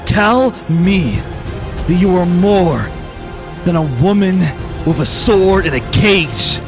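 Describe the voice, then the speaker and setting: A man voicing a steady, monotone fighter. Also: high-pitched, takes it slowly, over music, heavily acted. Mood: earnest. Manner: pleading then firm, monotone. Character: intense young man confronting a woman, blood-stained, steady and unflinching.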